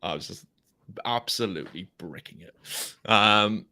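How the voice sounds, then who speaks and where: A man's voice: fairly low pitch, moderate pace, sharp tone. An English man hosting a casual podcast, chatty and self-deprecating, rambling a little as he talks. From England. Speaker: podcast host. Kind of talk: casual chat. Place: home studio in a converted garage.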